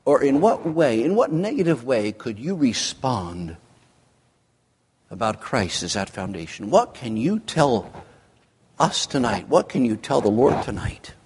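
Slow, emphatic male preacher in a hall. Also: sing-song, darkish tone, husky. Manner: slow, emphatic delivery with sweeping pitch. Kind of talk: evening sermon.

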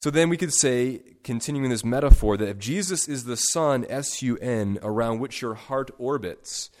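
A man preaching a sermon, stressing words by stacking them and swinging sharply between soft and loud. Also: mid-range voice, moderate pace, hardly any pauses. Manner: emphatic, with sharp swings in loudness. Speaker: pastor.

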